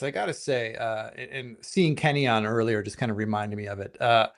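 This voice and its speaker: A middle-aged man from Buffalo, an options trader co-hosting a market show, rambling and teasing with many restarts. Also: mid-range voice. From Buffalo, USA. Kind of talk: casual market talk show chat.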